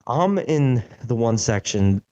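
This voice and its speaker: A young man hosting a podcast, telling a casual story in an animated way, with lots of "like" fillers. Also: medium pitch, takes it slowly, lo-fi sound. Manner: animated, acts out quotes, many "like" fillers. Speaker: podcast host.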